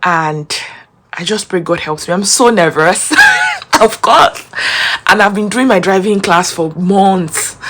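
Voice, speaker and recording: Woman, young adult, casual vlog, chatty, speaks to viewers, somewhat low pitch. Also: fairly bright tone. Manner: chatty, addresses viewers directly. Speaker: vlogger. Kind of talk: casual vlog talk to camera.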